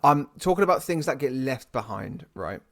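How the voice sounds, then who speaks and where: A man's voice: medium pitch, normal speed, vocal fry. A British man co-hosting a podcast, chatting casually about a film and ranting with lots of restarts. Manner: animated, ranting, with many restarts. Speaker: podcast co-host. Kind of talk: casual film review chat.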